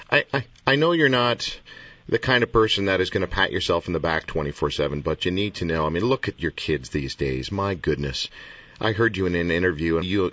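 Male interview host, very deep voice, encouraging and animated, somewhat off-mic. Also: dry recording, recorded from a distance, muffled recording. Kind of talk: conversational interview.

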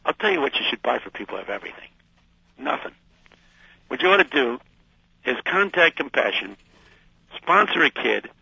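Gravelly-voiced man on a phone line. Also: medium pitch, normal speed, pauses often, dry recording. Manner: lively, emphatic, laughs at his own jokes. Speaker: radio guest on the phone. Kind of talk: animated storytelling and preaching. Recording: muffled phone-line audio.

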